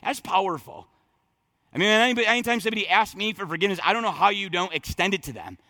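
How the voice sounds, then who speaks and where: A man's voice: sits high, expressive, fast talker, gravelly, pushed and bright, no echo, studio quality. A man preaching as a pastor, conversational and thinking aloud, with earnest, emphatic stretches and frequent restarts. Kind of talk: sermon.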